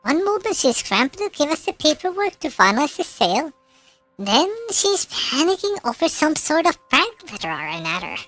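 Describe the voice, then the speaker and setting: High-pitched woman reading game narration. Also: very animated, moderate pace, a bit bright. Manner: reads with slips and self-corrections. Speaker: streamer.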